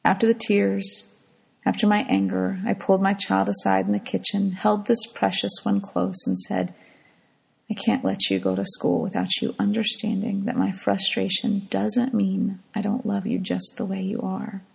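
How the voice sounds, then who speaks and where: A middle-aged woman telling a personal devotional story in a soft, hushed way that often drops to a whisper. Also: medium pitch, animated, moderate pace, vocal fry, breathy edge, low-quality recording.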